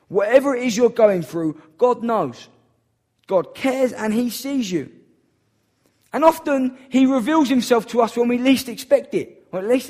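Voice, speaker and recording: High-voiced earnest male preacher. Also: a little mellow. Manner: earnest, emphatic, repeats key phrases. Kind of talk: sermon.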